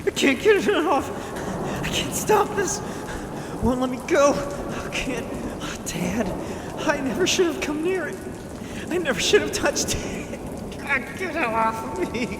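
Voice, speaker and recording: A man voicing a terrified young hero, screaming frantically in a high, strained voice. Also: expressive, unhurried, roomy sound, long reverb tail, very noisy. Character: panicked young male hero, screaming in terror.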